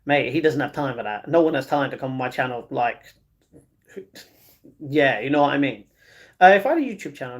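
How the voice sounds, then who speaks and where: A man hosting a casual livestream, reading viewer comments aloud and answering them in an easygoing way, often stumbling and restarting his sentences. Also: a little high. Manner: chatty and easygoing, with halting restarts. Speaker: livestream host.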